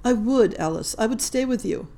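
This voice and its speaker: A woman's voice: a little high, expressive, normal speed, dark tone, voice pushed up. A woman reading a short story aloud, voicing a tearful young Frenchwoman in hiding, in an earnest, urgent way. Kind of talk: audiobook reading.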